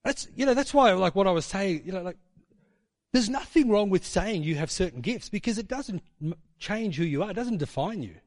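A man's voice: high-pitched, animated, brisk, no room sound. A man preaching a sermon in a casual storytelling way, with fillers and tag questions.

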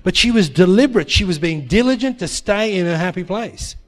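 A pastor with a notably high-pitched male voice delivers a sermon. He tells a story earnestly and drives his points home by repeating phrases. He turns to his listeners for an amen. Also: animated, a little fast.

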